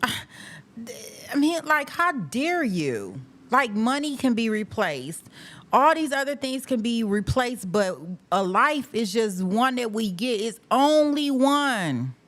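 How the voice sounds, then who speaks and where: A woman hosting live trial coverage launches into a heated, casual rant, her voice high-leaning, expressive, and slow. She is emphatic and exasperated, swearing and repeating "how dare you."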